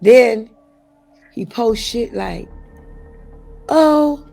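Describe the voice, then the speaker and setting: A woman's voice: on the high side, a little slow, faint music behind. Blunt, profane middle-aged woman. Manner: blunt, profane, animated storytelling with mocking impressions. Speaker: interview guest. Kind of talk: casual interview talk.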